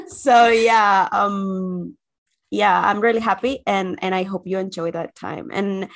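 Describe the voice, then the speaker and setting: A woman chatting casually as a podcast co-host, warm and reassuring, with frequent giggles. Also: mid-range voice, fairly even intonation, slow pace, gravelly. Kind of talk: casual chat.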